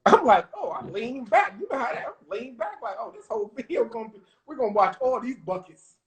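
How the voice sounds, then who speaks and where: A man, a former pro basketball player, telling lively stories as a podcast guest and acting out what people said. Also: very high-pitched, a little fast, a crowd in the background. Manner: animated, acts out quotes, confident. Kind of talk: casual storytelling interview.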